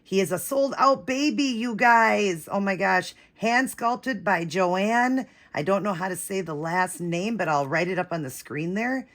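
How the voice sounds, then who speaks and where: A woman vlogging an unboxing, gushing and breathless, shaky with excitement, repeating herself as she talks to viewers. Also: medium pitch, moderate pace, few pauses. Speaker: vlogger unboxing a reborn doll.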